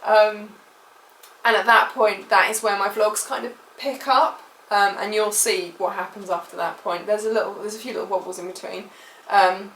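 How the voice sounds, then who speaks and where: A woman's voice: mid-range voice, steady tone, moderate pace, fairly bright tone, a little hiss or hum. British woman retelling a story, echoey. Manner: emotional, rambling retelling with many fillers. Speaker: vlogger. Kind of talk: personal storytime vlog. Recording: echoey room, mic at a distance.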